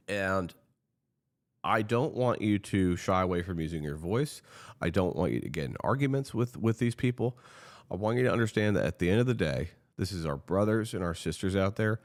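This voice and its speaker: Deep-voiced guy doing a frustrated political rant to camera, earnest and pleading. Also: a little mellow. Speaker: political commentator. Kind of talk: impassioned political commentary.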